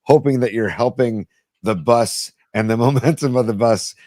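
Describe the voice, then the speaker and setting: A male podcast co-host chats casually and rambles, restarting his sentences often. His mid-range voice is a little mellow and moves at a moderate pace. The recording is studio quality with no echo.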